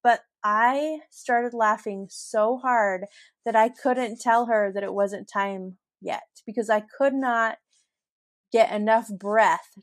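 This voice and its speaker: A woman's voice: a little high, fairly even intonation, slow pace, no echo. Giggly chatty woman podcaster, dry sound. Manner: chatty and giggly, laughs through her stories. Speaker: podcast host. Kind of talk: casual solo podcast storytelling.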